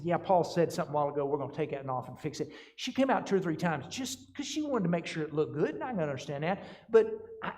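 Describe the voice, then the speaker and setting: A man giving a marriage workshop talk, telling folksy stories and acting out the quotes. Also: a little high. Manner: folksy storytelling, lively voice, acts out quotes. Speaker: workshop speaker.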